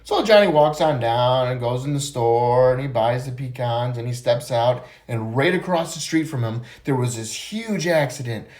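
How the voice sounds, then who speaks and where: A man's voice: mid-range voice, moderate pace, few pauses, darkish tone. Man casually telling dirty jokes. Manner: laughs at his own punchlines. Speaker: joke teller.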